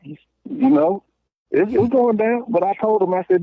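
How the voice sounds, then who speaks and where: A Southern man from Memphis with a high-pitched voice, blunt and slangy, spinning animated stories and tripping over his own restarts. He comes through a thin, tinny phone line with a dry sound and no room around him. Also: a little slow, dry recording. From Memphis, Tennessee. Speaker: podcast guest. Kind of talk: casual call-in conversation.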